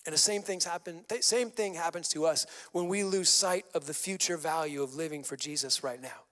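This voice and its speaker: A man's voice: fairly high pitch, brisk, bright, forceful tone. A male pastor preaching a sermon with energy, mixing scripture with casual slang asides. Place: church sanctuary. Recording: long hall reverb.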